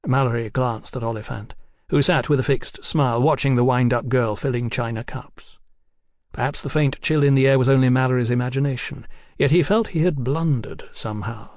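A man's voice: mid-range voice, creaky, no room sound. Man narrating a novel, dry close sound. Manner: measured, even storytelling. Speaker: audiobook narrator. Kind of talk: scripted narration.

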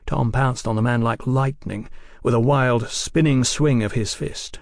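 A man narrating an audiobook in an expressive storytelling manner. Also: mid-range voice, a little slow, creaky, no echo, studio quality. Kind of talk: scripted narration.

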